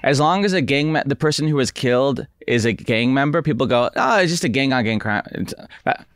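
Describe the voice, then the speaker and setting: A man's voice: mid-range voice, expressive, a little fast, a bit bright, smooth, no echo. Man, podcast co-host, casual chat, short replies, follow-up questions, dry sound.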